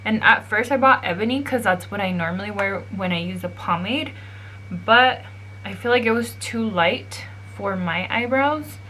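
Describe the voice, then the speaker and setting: A woman's voice: medium pitch, expressive, normal speed, bright, forceful tone, a little hiss or hum. A young woman telling a story in a casual, chatty way while doing her makeup, swearing freely and slipping in Spanish phrases. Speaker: beauty vlogger.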